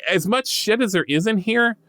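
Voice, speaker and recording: A man's voice: high voice, moderate pace, dry recording. A man narrating as game master of a comedy tabletop role-play, rambling with lots of fillers. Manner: animated, rambling with many fillers.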